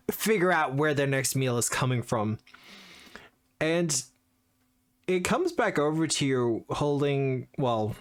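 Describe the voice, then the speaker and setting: A game master describing a scene to the players in a relaxed, descriptive way. The pitch sits in the middle range. The delivery is conversational rather than theatrical. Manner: easygoing descriptive narration. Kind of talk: narrating a tabletop game.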